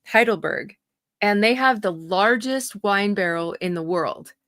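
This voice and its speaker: A woman's voice: medium pitch, animated, unhurried, fairly bright tone, no echo, clean studio sound. A woman co-hosting a podcast, chatting casually and telling rambling anecdotes. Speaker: podcast co-host. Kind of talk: casual chat.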